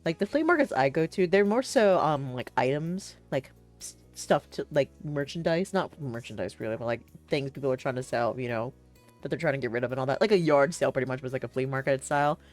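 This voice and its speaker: A woman's voice: rumbling low, lively intonation, a little fast, soft background music. A young woman streaming a game, chatting casually and reading the story aloud, rambling with many fillers and frequent laughs.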